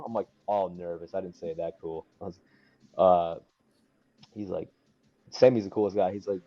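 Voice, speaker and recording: Fairly low in pitch and fairly quick, a young wrestler's voice comes through a dry, dull lo-fi recording as he chats as a guest. His story rambles with many fillers, and he acts out the quotes of people involved.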